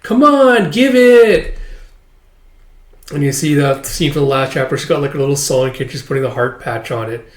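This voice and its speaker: A man's voice: mid-range voice, fairly even intonation, fast talker, hardly any pauses, roomy sound. Rambling man reading a comic aloud. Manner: rambling, filler-heavy. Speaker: host. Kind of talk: casual chapter read-along.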